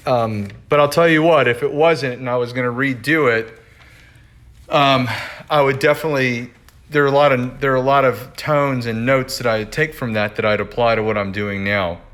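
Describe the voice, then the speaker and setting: A man's voice: medium pitch, fairly bright tone. A man, a painter, chatting casually on a livestream from his studio and reading his own writing aloud, often restarting and repeating phrases. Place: art studio, indoors. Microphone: phone streaming live.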